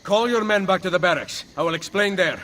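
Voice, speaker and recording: An actor playing a calm, cunning assassin in a game, speaking in a measured, dry, confident way. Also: male voice, high voice, big-room sound, slight background noise. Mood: scheming.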